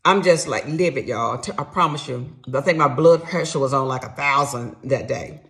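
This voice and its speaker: A middle-aged woman, telling a personal story to her viewers in a casual, animated and emphatic way. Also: very deep voice, normal speed.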